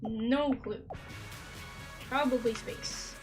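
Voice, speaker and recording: A woman with a high voice streams a game and chats with her viewers in a loose, sarcastic, rambling way. She sounds a little tired and worn out, with game music playing clearly behind her. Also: steady tone, drawn-out words. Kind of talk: casual gameplay commentary. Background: background game music.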